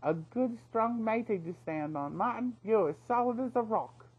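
Male reader doing a high, bragging mouse burglar, cheeky, storybook. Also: lively intonation, husky, lo-fi sound, full character voice. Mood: boastful. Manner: boastful, cheeky, rapid patter. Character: cocky, chatty male mouse thief.

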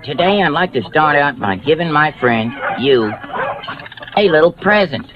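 A man's voice: fairly high pitch, expressive, moderate pace, background noise, natural voice. A man voicing a mischievous, cheeky male ventriloquist dummy, from a lo-fi 1980s TV broadcast.

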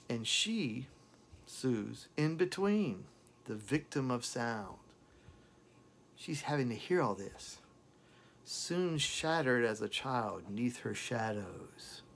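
A man reviewing a song, who recites its lyrics slowly and dramatically and repeats words as he talks. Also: mid-range voice, animated, slight background noise. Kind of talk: impassioned lyric recitation and commentary.

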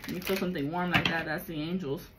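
A woman's voice: low-pitched, steady tone, fast talker, heavy background noise. A woman giving a casual tarot reading to viewers, emphatic and blunt, swearing often and calling the listener baby. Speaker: tarot reader.

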